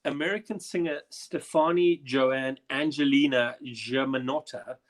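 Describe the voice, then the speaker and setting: A young South African man hosting a comedy quiz over a video call, chatty and animated as he tells stories. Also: medium pitch, a little slow, a crowd in the background. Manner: chatty, animated anecdote-telling. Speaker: quiz host. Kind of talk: casual quiz hosting and storytelling.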